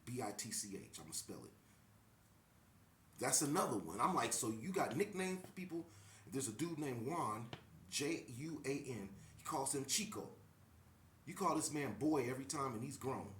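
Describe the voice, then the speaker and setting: A man's voice: medium pitch, moderate pace, long pauses, reverberant. A man who works as a shift manager, telling an indignant story in casual speech and acting out the dialogue. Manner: animated, indignant, acts out quoted dialogue. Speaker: pizza shop shift manager.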